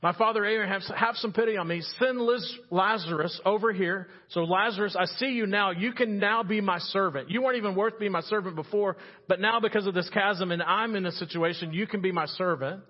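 A man's voice: sits high, a little fast, hardly any pauses, dull audio, voice pushed up. A man voicing a desperate rich man who pleads from torment, urgent and indignant. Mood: pleading.

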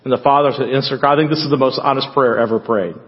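A man preaching a sermon as a pastor, conversational at first and then building to loud, passionate emphasis. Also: mid-range voice, steady tone, fast. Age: adult parent. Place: church sanctuary. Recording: dull sound with long hall reverb.

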